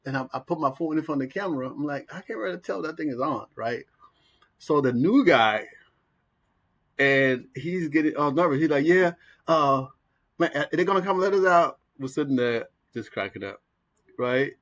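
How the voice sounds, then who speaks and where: A man's voice: medium pitch, normal speed. A man, casually telling a story in a vlog, acting out what people said and asking "right?" as he goes. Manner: animated storyteller, acts out quotes, says "right?" often. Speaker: investing vlogger. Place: in Colombia.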